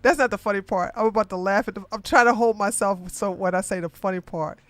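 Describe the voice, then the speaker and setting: A woman hosting a casual livestream commentary, chatty and quick to laugh, with animated bursts. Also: mid-range voice, no room sound, soft background music.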